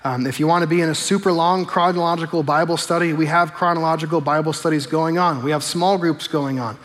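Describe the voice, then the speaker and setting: Conversational preacher in a reverberant sanctuary. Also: male voice, fairly high pitch, steady tone, a bit bright. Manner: conversational preaching, slows and stresses scripture quotes. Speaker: pastor. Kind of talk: sermon. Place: church sanctuary. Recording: long hall reverb.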